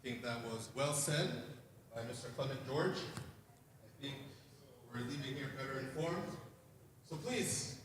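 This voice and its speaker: A man hosting a live community event, making announcements and shout-outs to the crowd. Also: mid-range voice, unhurried, long pauses. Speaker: event host. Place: event hall. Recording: echoey hall, mic from a distance, music behind.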